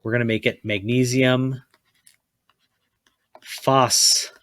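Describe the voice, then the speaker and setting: A man's voice: mid-range voice, animated, measured pace, fairly bright tone, no echo. A man teaching a chemistry lesson, blunt and repetitive, often checking with "okay?" and telling students to write things down. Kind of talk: classroom lecture.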